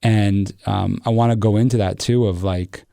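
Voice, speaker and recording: A man's voice: fairly low pitch, fairly even intonation, moderate pace, creaky, warm tone, no room sound, clean studio sound. A man hosting a podcast, reflective, thinking aloud as he talks through ideas. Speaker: podcast host. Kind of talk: conversational interview.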